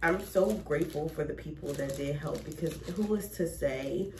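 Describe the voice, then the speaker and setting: Teary woman rambling through an unboxing, low voice, echoey room, mic kinda far, noisy. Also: normal speed. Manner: emotional, gushing, rambling with restarts. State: teary, close to crying. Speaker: vlogger unboxing a label printer. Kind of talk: casual chat to camera. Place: cluttered home recording room.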